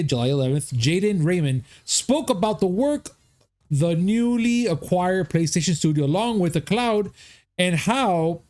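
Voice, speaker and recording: A man's voice: sits high, darkish tone. A man from hosting a casual geek news podcast, upbeat and hyped, swearing freely. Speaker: podcast host. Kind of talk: casual chat.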